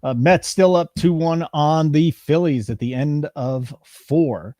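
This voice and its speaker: A man's voice: on the high side, slow pace, dark tone, no echo, clean studio sound. A man co-hosting a live sports betting show, chatting casually and teasing his co-host while reading chat comments aloud. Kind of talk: casual live-stream banter.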